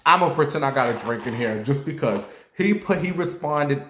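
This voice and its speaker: A man's voice: medium pitch, normal speed, hardly any pauses, fairly bright tone, a little hiss or hum. A man chatting casually and crudely to his viewers, with sudden jumps up to playful squeals. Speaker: vlogger. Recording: roomy echo.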